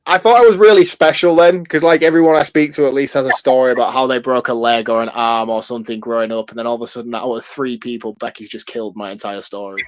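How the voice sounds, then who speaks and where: A man's voice: mid-range voice, fairly even intonation, quick pace, hardly any pauses, no echo. A man, chatting casually and animatedly as a podcast co-host, laughing and swearing freely. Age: 30s. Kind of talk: casual film-review chat.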